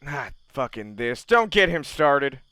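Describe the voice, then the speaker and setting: Gruff villager, irritable, swearing, voiced by a man. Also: medium pitch, very animated, unhurried, pushed and bright, dry recording, clean studio sound. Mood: exasperated. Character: irritable male villager scolding his friend.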